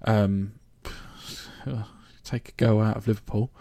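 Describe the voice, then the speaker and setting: London bloke for a solo podcast: gravelly, low-ish voice, dry close sound, rambling and jokey. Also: male voice, flat delivery, slow, dark tone, dry recording. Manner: chatty, joking, rambling. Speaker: podcast host. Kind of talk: casual solo podcast monologue.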